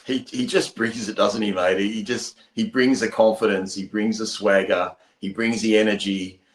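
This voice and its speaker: Blunt Australian podcast host, low voice. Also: male voice, steady tone, moderate pace, reverberant. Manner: blunt, matey. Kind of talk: casual fan podcast chat.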